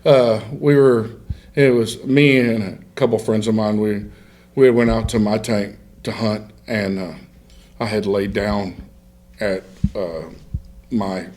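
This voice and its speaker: A man with a fairly low voice, middle-aged, spinning casual stories as a podcast guest. He backtracks and restarts often and laughs easily at his own tales. The delivery is loose and unscripted. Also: fairly even intonation, slow pace, a little mellow. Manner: rambling, self-interrupting storyteller who laughs through his own stories. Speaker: guest, duck hunter. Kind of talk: casual storytelling in a podcast interview.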